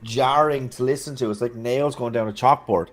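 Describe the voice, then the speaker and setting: A man's voice: mid-range voice, moderate pace. A man chatting as a guest on a stream, blunt and swearing often, full of "like". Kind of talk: casual chat.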